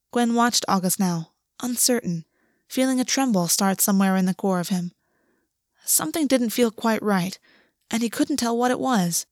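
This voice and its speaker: A woman narrating a romance novel chapter with steady, intimate storytelling. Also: mid-range voice, no echo, studio quality.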